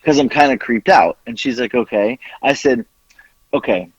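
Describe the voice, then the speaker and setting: A man's voice: mid-range voice, expressive, normal speed, slightly rough, dry recording. A man hosting a podcast, telling a story with lots of swearing and acting out both sides of a phone call. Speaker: podcast host.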